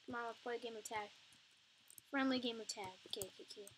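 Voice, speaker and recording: A woman's voice: on the high side, steady tone, quick pace, fairly bright tone, husky. A young woman commenting on a zombie video game as she plays, taunting the enemies in a playful way. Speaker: gamer. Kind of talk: gameplay commentary.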